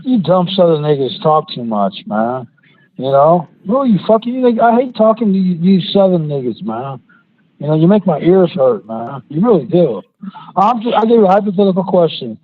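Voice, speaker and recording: A man in his fifties calls in to a radio show to taunt and argue. His voice is high and lively. It comes through a tinny phone line. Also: moderate pace. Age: 50s. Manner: taunting, laughing, argumentative. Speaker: regular caller. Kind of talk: heated call-in radio argument.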